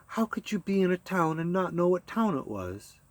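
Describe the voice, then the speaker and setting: A man's voice: sits high, big pitch swings, moderate pace, no echo, voice pushed up, low-quality recording. A man voicing a suspicious middle-aged small-town housewife who answers strangers curtly. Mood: snappish. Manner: curt and suspicious.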